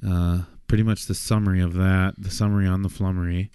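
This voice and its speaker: Male podcast co-host, casual and rambling, swears freely, lower voice with a crisp dry sound. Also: flat delivery, fairly quick, warm tone, dry recording.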